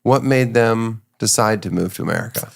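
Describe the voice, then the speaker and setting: A man hosting a comedic interview with a deadpan, teasing manner. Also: lowish voice, a little fast, vocal fry. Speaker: talk show host.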